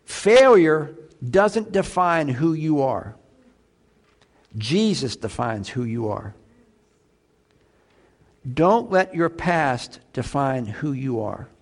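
Man preaching a conversational sermon. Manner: conversational preaching with rhetorical questions to the congregation; swings between loud emphatic lines and quiet low asides. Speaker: pastor.

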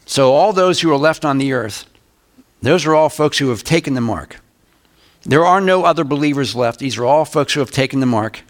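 An older man preaching a verse-by-verse Bible lesson, reading scripture aloud slowly and turning to the congregation with conversational asides. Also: on the high side. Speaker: pastor. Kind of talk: Bible teaching sermon.

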